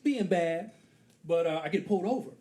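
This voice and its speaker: A man's voice: on the high side, animated, normal speed, mellow. A man in his thirties doing stand-up comedy on a theater stage, acting out characters with big voice swings. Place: comedy theater stage before a live audience. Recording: live club recording with audience laughter.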